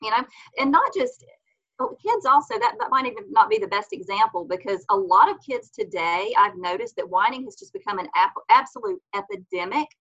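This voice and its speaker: A woman guest on a faith-based parenting podcast, explaining earnestly and acting out the gentle words she says to her children. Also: medium pitch, expressive, a little fast, muffled recording. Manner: earnest, explanatory, acts out mother-child dialogues.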